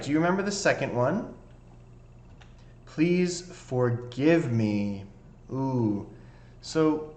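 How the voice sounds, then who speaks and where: In an echoey room, a man gives an English lesson, explaining things patiently and regularly asking the learners "okay?". His voice is mid-range with a darkish tone.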